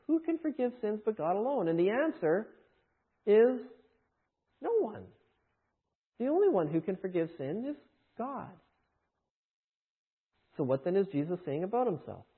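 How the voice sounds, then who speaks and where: A man's voice: sits high, husky. A man preaching a sermon, teaching through scripture with emphatic rhetorical questions. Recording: tinny phone-like sound.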